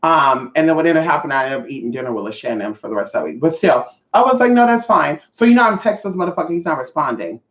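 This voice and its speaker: A young woman vlogger telling a profane, animated storytime monologue straight to her viewers. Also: low-pitched, rapid-fire, hardly any pauses. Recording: roomy, slightly dull audio.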